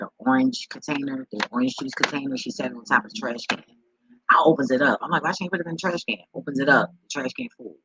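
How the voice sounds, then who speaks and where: A man's voice: mid-range voice, sharp tone, breathy edge, no echo, rough recording. A man vlogging in casual chat, rambling with frequent swearing and repeated words.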